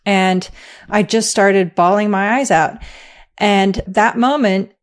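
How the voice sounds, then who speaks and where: A woman's voice: mid-range voice, fairly even intonation, slow pace. A middle-aged woman from the US, a guest in an interview, telling her story earnestly and emphatically, often laughing. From American.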